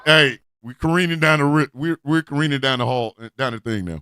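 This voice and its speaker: A man's voice: mid-range voice, a little fast, hardly any pauses, heavy background noise. A man hosting an online radio show, ranting comically with profanity and constant cackling laughter. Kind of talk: loose comedic rant with chat.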